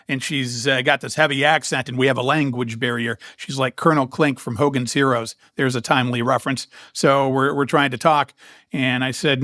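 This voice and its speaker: A man's voice: mid-range voice, fairly even intonation, brisk, bright, forceful tone, no echo, studio quality. A man co-hosting a podcast, chatting casually and telling a story with wry humor and acted-out dialogue. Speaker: podcast co-host. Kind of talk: casual chat.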